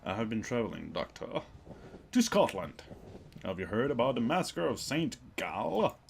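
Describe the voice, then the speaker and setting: A man voicing a male doctor in a game who explains grim events in a measured, formal way, close to his own voice. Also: mid-range voice, sing-song, vocal fry, slight background noise. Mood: grave. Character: older male doctor bringing grim news.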